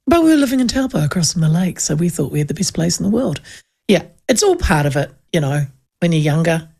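A woman's voice: fairly low pitch, very animated, quick pace, creaky, dark tone, husky. A middle-aged woman with a New Zealand accent, hosting a show and telling stories in a chatty way, laughing often. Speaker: radio host. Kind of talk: casual chat.

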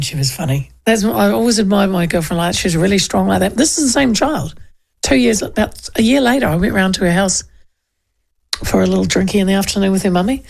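A woman's voice: medium pitch, creaky. A middle-aged woman with a New Zealand accent hosting a talk radio show, chatting and telling stories in a loose, laughing way. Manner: chatty, laughing, acts out quoted voices. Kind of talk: casual chat and storytelling.

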